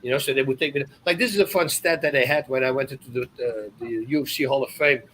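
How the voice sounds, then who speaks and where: A man in his fifties from the Netherlands with a Dutch accent, a podcast guest telling animated stories with loud exclamations. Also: mid-range voice, fast talker, slight background noise, rough recording. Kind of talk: casual storytelling.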